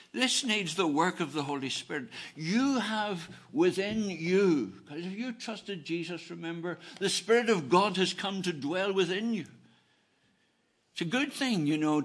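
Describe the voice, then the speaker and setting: A man preaching a sermon, earnest and emphatic, repeating phrases and swinging between soft and loud delivery. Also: high-pitched.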